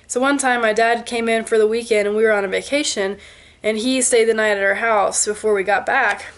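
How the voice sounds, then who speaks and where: Animated young woman telling a ghost story. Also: a little high, a little fast. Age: 20s. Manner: animated, with sound effects and quoted voices. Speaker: vlogger.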